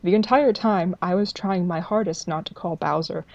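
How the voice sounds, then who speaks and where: A woman's voice: fairly low pitch, moderate pace, vocal fry, muffled recording, crowd noise. A woman, a podcast co-host, chatting casually on a call with dry teasing and casual swearing. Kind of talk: casual group chat.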